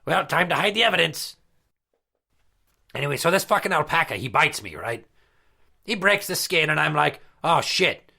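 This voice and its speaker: A crude, boastful pirate entertainer, played by a man, talking in a gravelly, bright voice slightly above the usual male range. He swears freely and spins his stories with swagger. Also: fairly high pitch, lively intonation, moderate pace, long pauses, heavily acted. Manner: crude, profane storytelling. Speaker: regular character. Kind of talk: comedy podcast skit.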